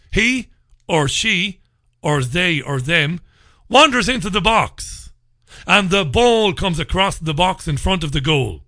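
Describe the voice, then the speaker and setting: Man, radio talk host, ranting commentary, crude mockery, bright tone, dry studio voice. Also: high voice, no room sound. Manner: crude, mocking, loud bursts.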